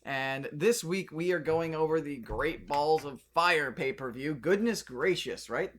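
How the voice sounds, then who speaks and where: A man's voice: fairly high pitch, unhurried, a bit bright, a little hiss or hum. A man hosting a casual podcast. He sounds upbeat and jokey, with many fillers and restarts. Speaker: podcast host.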